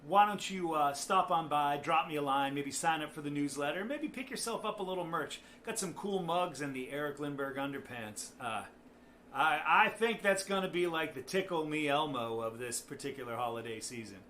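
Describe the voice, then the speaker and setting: A man's voice: fairly high pitch, lively intonation, normal speed, sharp tone, slight background noise. A man giving a casual guitar lesson, chatty, with joking asides. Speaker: guitar teacher. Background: guitar playing.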